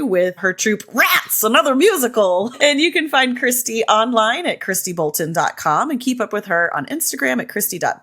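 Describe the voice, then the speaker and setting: A woman hosting a podcast, signing off her guest upbeat and reading the credits. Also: mid-range voice. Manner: bright, upbeat sign-off, reads credits. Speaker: podcast host. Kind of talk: podcast interview and outro.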